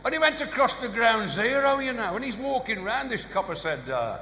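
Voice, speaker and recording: A man with a Black Country accent works through a stand-up set of one-liners and quick gag stories. His voice sits high and bright and moves around a lot. The sound carries a long hall reverb with faint noise underneath. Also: big pitch swings. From English West Midlands. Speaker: stand-up comedian. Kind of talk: live stand-up routine. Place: large live venue.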